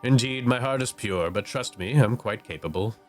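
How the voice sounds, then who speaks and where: A man voicing a pompous, scheming gentleman with a put-on British accent. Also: medium pitch, moderate pace, soft background music, lightly acted. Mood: grim.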